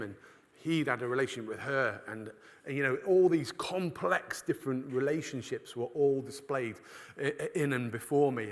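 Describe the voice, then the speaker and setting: A man tells funny church stories from a stage, slipping into the voices of the people in them. His voice sits in a middle range. The sound carries a long reverb from a large church hall. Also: medium pitch. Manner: storytelling, acts out voices of others. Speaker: preacher. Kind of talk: humorous conference talk.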